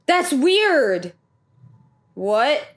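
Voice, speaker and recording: A woman giving casual first-watch reaction commentary on an anime, excitable, gasping and exclaiming, and swearing freely. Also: high-pitched, very slow.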